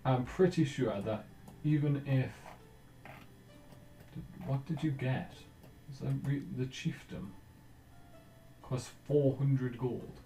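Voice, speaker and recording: A man talks through his moves in a strategy game, musing aloud in a relaxed, casual way. His voice is mellow and dark in tone. The room sounds echoey, with faint game music underneath. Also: medium pitch, slow, long pauses. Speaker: let's play host. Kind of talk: casual gameplay commentary.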